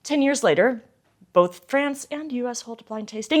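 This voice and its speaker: A woman's voice: on the high side, lively intonation, normal speed. A young adult woman hosting a wine channel, telling a story to camera in a casual, playful way with wry asides. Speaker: wine educator and host.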